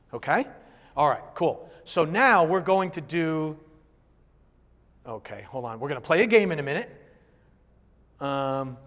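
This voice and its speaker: A man giving a live business seminar, animated, asking the audience questions and acting out little voices. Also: on the high side, long reverb tail. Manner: animated, asks the room questions, acts out voices. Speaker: business speaker.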